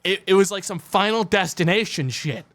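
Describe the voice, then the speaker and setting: Man, streamer, casual profane storytelling, slightly high voice, dry close sound. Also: expressive, moderate pace, fairly bright tone, dry recording. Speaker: streamer host.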